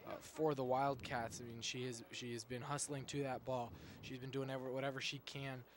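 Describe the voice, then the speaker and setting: A young man adds color commentary at a school soccer game, pausing and restarting often as he talks. His voice is caught outdoors, with clear background noise from the field around him. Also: medium pitch, level tone. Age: young adult. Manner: hesitant, many uhs and restarts. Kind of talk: live sports commentary.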